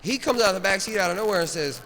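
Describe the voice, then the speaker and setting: A man telling a long, profane story in a rambling, animated way, often laughing at himself. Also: high-pitched, very fast, creaky. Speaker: storyteller at a cannabis rally. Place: large stone rotunda, indoors. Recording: echoey rotunda with crowd.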